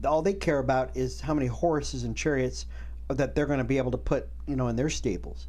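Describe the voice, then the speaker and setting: A man's voice: mid-range voice, fairly quick. A man co-hosting a faith and culture talk show, chatting casually and acting out other people's words, with frequent restarts. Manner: animated, acts out quotes, many restarts. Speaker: co-host. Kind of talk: casual chat about faith and current events.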